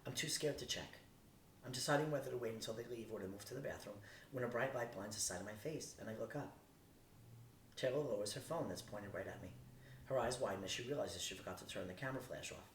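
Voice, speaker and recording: A man reading a first-person novel aloud in a steady, plain way. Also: fast. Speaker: audiobook reader. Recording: roomy distant recording, faint rumble.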